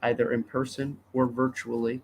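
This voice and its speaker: A man's voice: mid-range voice, flat delivery, normal speed, a little hiss or hum. A man co-hosting a political podcast in casual chat, hesitant and full of fillers. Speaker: podcast co-host.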